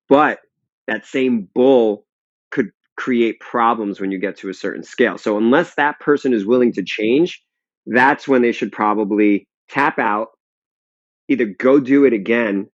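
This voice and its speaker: A man's voice: on the low side, no room sound, muffled recording. A man who is a guest on a podcast, explaining his views emphatically and building points through repetition. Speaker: guest, restaurant and fitness founder. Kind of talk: podcast interview.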